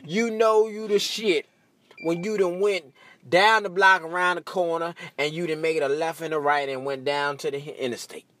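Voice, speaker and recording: High, bright-voiced man in a profane comic rant. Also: fairly even intonation, moderate pace. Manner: laughs often at his own jokes, profane. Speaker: comedian.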